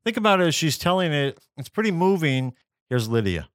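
Lively-pitched male show host. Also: fairly quick, clean tone, dry recording. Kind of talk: show introduction.

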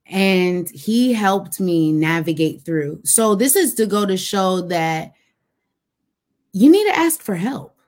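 A woman's voice: medium pitch, animated, slow pace, darkish tone. A woman guest telling a personal story with animation, acting out voices and dialogue as she goes.

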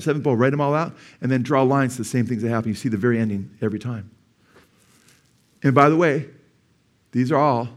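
A middle-aged man preaching a sermon as pastor in a church, emphatic, rising to loud peaks and asking the congregation questions. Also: medium pitch. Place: church sanctuary.

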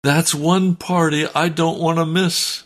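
A man's voice: fairly high pitch, steady tone, slow pace. A man preaching a fervent, emotional sermon and reading scripture aloud.

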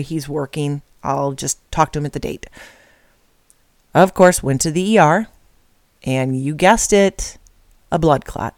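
A woman's voice: deep voice, darkish tone, dry recording, clean studio sound. A middle-aged woman earnestly telling a personal story, acting out the dialogue as she goes. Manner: earnest, emotional, with quoted dialogue. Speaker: speaker telling her story.

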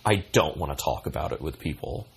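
A man's voice: rumbling low, animated, brisk, gravelly, breathy edge. A man co-hosting a podcast in casual chat, rambling with many fillers and restarts. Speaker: podcast co-host.

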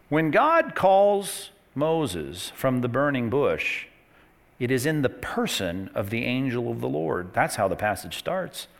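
A middle-aged male pastor giving a conversational sermon in church, dropping low and quiet, then climbing to emphatic peaks.

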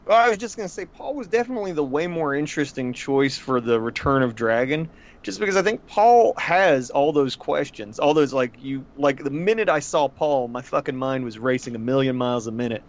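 A man co-hosting a casual podcast, excitable and enthusiastic, swearing freely. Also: medium pitch, brisk. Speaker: podcast co-host. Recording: dull lo-fi sound.

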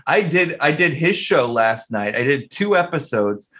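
A man's voice: fairly high pitch, big pitch swings, unhurried, a bit bright. A man co-hosting a podcast, chatting casually and teasing his friends with jokes. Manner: joking, banters and teases. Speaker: podcast co-host. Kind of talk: casual chat.

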